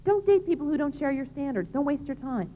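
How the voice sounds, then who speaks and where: A woman's voice: high-pitched, expressive, a little fast. A woman giving an earnest, emphatic religious talk to young people in a large hall. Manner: earnest, emphatic, plain-spoken. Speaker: speaker on chastity. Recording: dull lo-fi recording in a reverberant hall.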